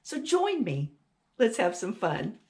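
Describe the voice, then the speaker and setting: A woman hosting a children's storytime, reading a rhyming picture book aloud in an animated way and asking the kids questions. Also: medium pitch, takes it slowly.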